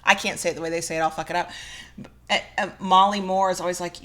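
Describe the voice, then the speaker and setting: A woman's voice: medium pitch, animated, brisk, sharp tone. A woman, co-hosting a podcast in casual, candid chat and swearing freely. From rural southern United States. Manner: chatty and candid, swearing and laughing easily. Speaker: podcast co-host.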